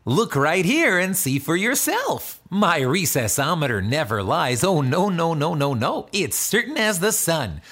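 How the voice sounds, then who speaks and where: A man voicing a cheerful, kind talking backpack in a children's audio drama, chuckling and swooping in pitch. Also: very animated, measured pace, few pauses, fairly bright tone, husky, full character voice. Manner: rhyming, bouncy, chuckling, sudden swoops in pitch.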